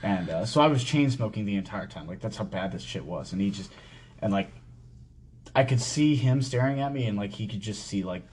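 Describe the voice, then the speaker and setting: Low-voiced man telling a hard story. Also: expressive, darkish tone, breathy edge. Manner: halting, heavy swearing, many fillers. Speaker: podcast host. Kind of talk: casual storytelling.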